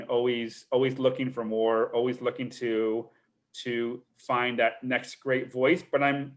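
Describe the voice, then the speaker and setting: A man's voice: mid-range voice, fairly bright tone. Earnest man talking agent advice. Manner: earnest, repeats words while thinking. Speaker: literary agent. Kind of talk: live online Q&A.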